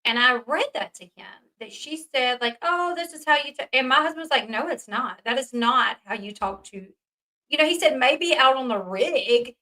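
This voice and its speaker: Woman commentary host, bright, emphatic, casual swearing. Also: fairly high pitch, lively intonation, normal speed, poor audio. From American South.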